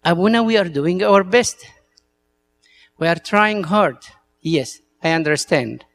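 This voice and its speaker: A man's voice: high voice, lively intonation, measured pace, fairly bright tone. A male priest with an Egyptian Arabic accent, a native Arabic speaker, giving an earnest talk to church servants and telling stories in broken English.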